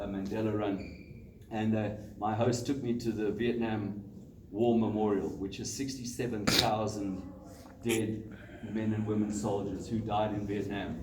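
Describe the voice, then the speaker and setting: Joking man in a roomy hall. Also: mid-range voice. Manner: animated, joking storyteller. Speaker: guest speaker at a running club. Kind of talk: live talk to an audience. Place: club meeting room. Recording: roomy hall, mic far off, room noise.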